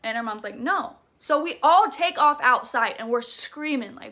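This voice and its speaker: A woman's voice: high voice, animated, moderate pace, pushed and bright. A woman with a Southern US accent telling a spooky personal story in a chatty, profane, dramatic way. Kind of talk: casual storytime vlog.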